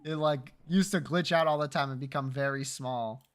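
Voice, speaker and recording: A man's voice: mid-range voice, normal speed, faint music behind. A man streaming live, chatting casually with his viewers, teasing and joking and swearing freely.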